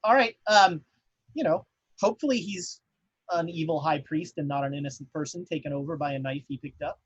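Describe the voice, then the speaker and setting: A man's voice: on the high side, brisk, husky, no room sound, muffled recording. A man narrating a tabletop horror game as game master, rambling with many fillers.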